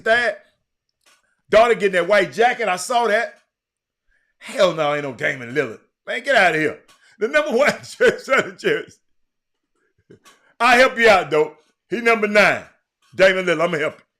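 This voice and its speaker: A man hosting a casual livestream, bantering with his chat in a teasing, animated way, often repeating and restarting his words. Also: high voice. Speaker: livestream host. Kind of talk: casual livestream chat reading viewer comments.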